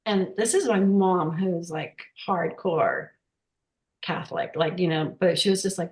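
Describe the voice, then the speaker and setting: A woman talking as a guest, telling personal stories in a halting way with many restarts and fillers. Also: lowish voice. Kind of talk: casual personal storytelling. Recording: roomy echo.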